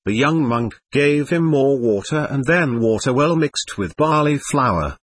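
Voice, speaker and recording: A man narrating an audiobook in a steady, unhurried storytelling manner. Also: medium pitch, husky, no room sound.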